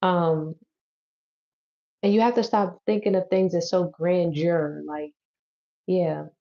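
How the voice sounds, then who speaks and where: Casual low-voiced woman tarot reader. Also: steady tone, slow pace, mellow. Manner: loose, chatty, swears and laughs easily. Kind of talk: casual tarot reading to camera. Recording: dull lo-fi audio.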